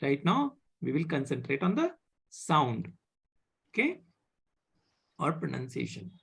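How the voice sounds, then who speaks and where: A French teacher runs a live beginner class over a video call. The voice is a little husky and the delivery slow, with pitch that rises and falls a lot. The teacher patiently repeats points and keeps asking whether the students follow. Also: wildly swooping pitch, a bit bright. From India. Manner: patient, repeats and checks understanding.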